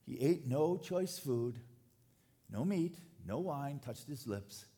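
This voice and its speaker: A man preaching a sermon, animated and dropping to quiet tones for emphasis. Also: medium pitch, slow pace. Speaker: pastor.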